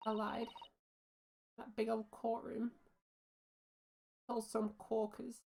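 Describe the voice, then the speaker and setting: A woman's voice: fairly high pitch, little pitch movement, takes it slowly, creaky, a little mellow, a little hiss or hum. A woman doing a nervous young slum witness, put-on Irish accent. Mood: defiant. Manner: nervous, hesitant. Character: frightened young working-class woman witness. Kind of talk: game dialogue read aloud.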